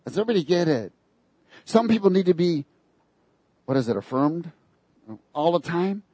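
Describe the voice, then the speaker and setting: A man preaching in an animated, sarcastic way, breaking into little laughs between his points. His voice sits fairly high for a man. The sound is dry and close, with no room around it. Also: moderate pace, husky, no echo. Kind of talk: sermon.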